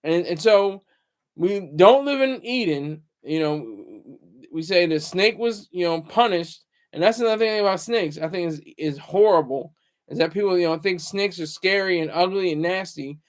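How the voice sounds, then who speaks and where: A man's voice: sits high, expressive, normal speed. A man hosting his own channel, talking in a loose, rambling monologue full of fillers and restarts. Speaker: channel host.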